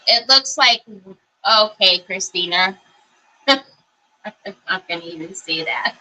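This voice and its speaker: Bright-voiced woman chatting while crafting. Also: mid-range voice, animated, takes it slowly, rough recording. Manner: chatty, greets viewers by name while working; thinks aloud, asks viewers for advice. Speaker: craft livestream host. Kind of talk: casual live crafting chat.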